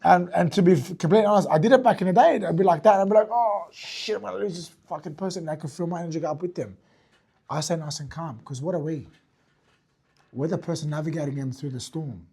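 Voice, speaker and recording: A man teaching sales to a group, talking fast and blunt with a slightly husky voice pitched a little high. He swears casually and keeps checking in with his listeners. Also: warm tone. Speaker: fitness business owner and sales coach. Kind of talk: teaching talk to an audience.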